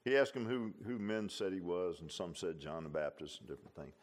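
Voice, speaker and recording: A man's voice: low-pitched, expressive, fairly quick. A man, preaching a sermon in a folksy, conversational way.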